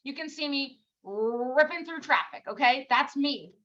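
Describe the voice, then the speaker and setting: Woman team leader, punchy and bright, scolds and rallies on a live stream; muffled stream sound. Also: sits high. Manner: blunt, scolding, rapid-fire rhetorical questions; swears casually, self-mocking. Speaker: team leader giving a live pep talk. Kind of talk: casual motivational livestream talk.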